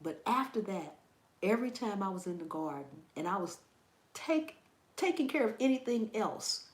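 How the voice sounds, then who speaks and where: A woman hosting a gardening channel chats with her viewers, telling a story in an animated way. She laughs and exclaims often, and her pitch swings high and low. The recording sounds like an echoey room. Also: moderate pace. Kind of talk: casual chat with viewers.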